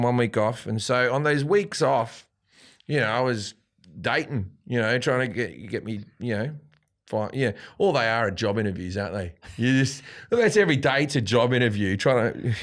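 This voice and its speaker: Give me an Australian man telling a rowdy, profane story as a comedian guest, voice at a middle pitch. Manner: animated, swearing freely, acts out quotes.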